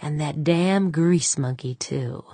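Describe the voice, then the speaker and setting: A woman voicing a scheming male board member who speaks slowly and calmly, with quiet sarcasm. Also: low voice, dry recording, full character voice. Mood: cold. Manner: slow, measured, quietly sarcastic. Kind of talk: audiobook character voice.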